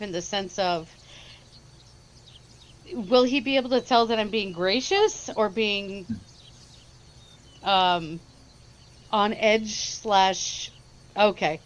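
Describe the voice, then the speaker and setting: A woman playing in a tabletop roleplaying game, talking hesitantly with many pauses. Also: medium pitch, a bit bright. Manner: hesitant, lots of ums. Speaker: player.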